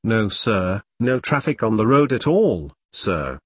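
A man reading a male butler in a low, quiet, deferential voice. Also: very animated, slow pace, slightly rough, no echo, studio quality, heavily acted.

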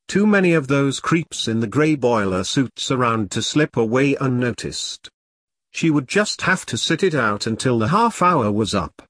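A man narrates in a wry, earthy way, like a scripted storybook reading. His voice is husky and mid-pitched, and the recording is close and dry. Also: fairly bright tone, no echo. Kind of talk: scripted dark comic narration.

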